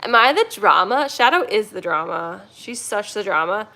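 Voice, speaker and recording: A woman's voice: medium pitch, expressive, moderate pace, sharp tone. A young woman hosting a casual livestream, chatting and reading viewer comments in a rambling way while talking to her cats. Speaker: kitten rescue livestream host.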